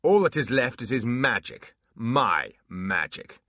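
A man's voice: medium pitch, sing-song, fairly bright tone, no room sound, studio quality, voice pushed up, full character voice. A man voicing an unhinged male demon leader who roars and drags out his threats in a storybook reading. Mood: menacing. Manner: roaring, drawn-out threats.

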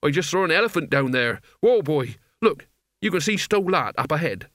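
A man's voice: a little high, expressive, moderate pace, fairly bright tone, dry recording, clean studio sound. A man voicing a desperate, worn-out young hero who mutters and snaps. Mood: muttering. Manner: weary, muttering, then fierce.

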